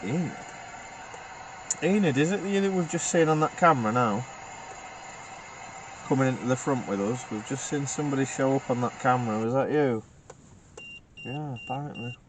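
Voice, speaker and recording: A man's voice: mid-range voice, animated, normal speed, long pauses. Joking man, noisy field recording. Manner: jokey, laughs often, asks the spirits direct questions. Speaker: paranormal investigator. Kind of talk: casual investigation chatter. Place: inside a car at night.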